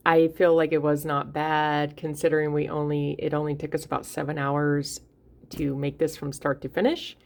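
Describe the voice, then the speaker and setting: Woman, low gravelly voice, chatty home-baking host who talks straight to viewers. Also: a little mellow. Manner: chatty, encouraging, addresses viewers directly. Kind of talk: casual cooking vlog talk.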